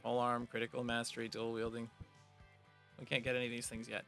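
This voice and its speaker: The voice here is a man's, medium in pitch, monotone and quick, with a bit of brightness and faint music behind it. He's a gaming video creator doing casual let's play commentary, reading the game's text aloud and adding playful, jokey remarks.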